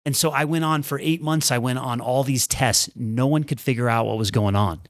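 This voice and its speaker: A man's voice: mid-range voice, no room sound, studio quality. A man and former pro tennis player, a podcast guest, reflecting earnestly on his career in candid storytelling. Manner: earnest, reflective, talks in quick bursts.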